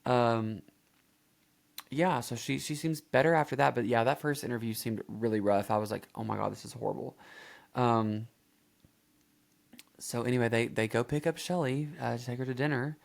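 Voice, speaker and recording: A man's voice: medium pitch, moderate pace, vocal fry, pauses often. A man hosting a reaction video, rambling casually with lots of fillers and self-corrections.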